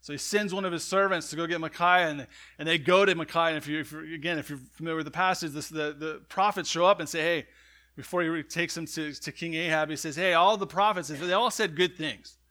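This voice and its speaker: Bright-voiced male pastor, conversational sermon. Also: a little high, fairly even intonation, fast. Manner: conversational, frequent "right?" asides.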